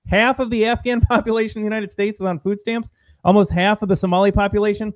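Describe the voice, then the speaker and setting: A man's voice: sits high, fairly even intonation, fast talker, no echo, muffled recording. A man co-hosting a political podcast, talking in a blunt, indignant way. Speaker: podcast co-host. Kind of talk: heated political podcast talk.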